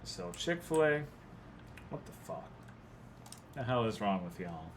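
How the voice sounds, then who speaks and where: A man's voice: medium pitch, sing-song, a little slow, vocal fry, slight background noise. A young man from Texas giving rambling, profane commentary while livestreaming a video game, reading and answering chat. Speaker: game streamer.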